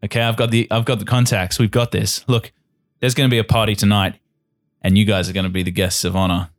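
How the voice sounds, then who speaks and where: A man's voice: fairly low pitch, flat delivery, fast talker, dry recording, studio quality, close to an everyday voice. A man voicing a brash, cocky young male athlete with a mullet, talking in a boisterous, slangy, matey way. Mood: excited.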